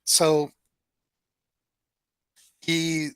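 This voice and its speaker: A game master running a tabletop role-playing game, speaking slowly and haltingly with many fillers. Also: medium pitch, monotone, fairly bright tone, clean tone, no echo.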